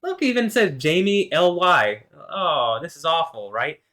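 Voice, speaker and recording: A man rambling through a casual solo vlog monologue, swearing often and trailing off into mumbles between louder bursts. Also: on the high side, sing-song, normal speed. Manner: rambling, profane, swings between mumbling and loud laughing. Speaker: vlogger.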